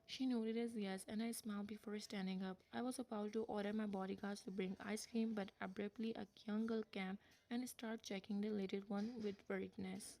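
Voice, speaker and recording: Woman reading a story aloud, mellow. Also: medium pitch, fairly even intonation, moderate pace, poor audio. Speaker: fan fiction narrator.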